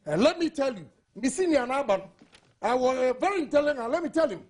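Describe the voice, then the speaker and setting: A Ghanaian-accented man with a very high-pitched, animated voice and a darkish tone speaks at a quick pace as a studio panelist on a TV newspaper review, giving impassioned, argumentative commentary full of rhetorical questions.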